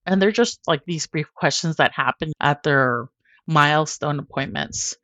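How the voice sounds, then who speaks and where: A woman's voice: sits low, a little slow, a bit bright, no echo. A woman guest on a podcast, telling her personal story candidly and with emotion, often laughing at herself.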